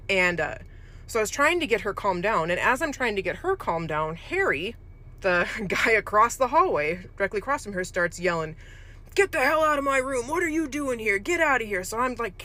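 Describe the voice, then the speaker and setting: A nursing home worker tells a spooky story in a loose, rambling way, wandering through asides as it goes. The voice has a bright, forward ring, and the pitch sits in the middle of its range. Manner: rambling, loose, with fillers and restarts. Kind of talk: casual storytelling.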